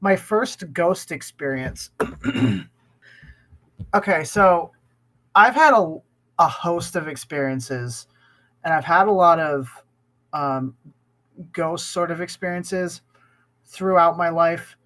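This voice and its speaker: A man's voice: on the high side, slow pace, pauses often, bright, forceful tone. A man co-hosting a podcast in casual chat, sick with a cough, talking at length and often restarting his sentences. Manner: talkative, rambling with many restarts. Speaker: podcast co-host.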